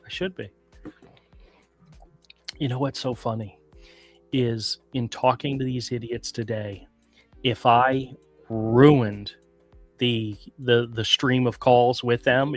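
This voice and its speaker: A man's voice: medium pitch, fairly even intonation, a little slow, pauses often, soft background music. A man hosting a casual live stream, rambling through stories in a self-mocking way and laughing often. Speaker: podcast host. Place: small room with some echo.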